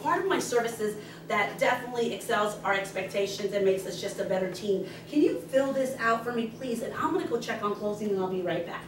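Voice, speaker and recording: A middle-aged woman, a real estate agent, giving a fast and excited training talk to her team at a meeting. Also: fairly high pitch, noisy background. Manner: fast, excited, loud when passionate. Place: meeting room. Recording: echoey room, speaker far from the camera mic.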